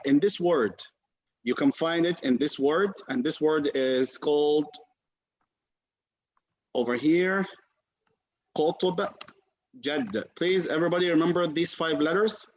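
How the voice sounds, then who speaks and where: A male teacher giving an online class, patiently repeating sounds slowly for his students to copy. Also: on the high side. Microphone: video call. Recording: dull lo-fi video call audio.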